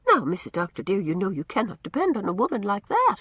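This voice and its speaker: A woman's voice: mid-range voice, wildly swooping pitch, fast, fairly bright tone, breathy edge, no echo, clean studio sound, full character voice. A woman voicing a prim, pious older housekeeper who speaks formally and sounds easily shocked.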